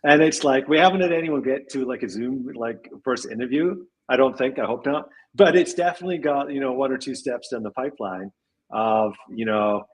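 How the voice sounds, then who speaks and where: A husky-voiced man of middle pitch talking as a podcast guest. He muses thoughtfully, trails off mid-thought, and chuckles now and then. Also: brisk, rough recording. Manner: reflective, trails off, chuckles while speaking. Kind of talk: casual chat.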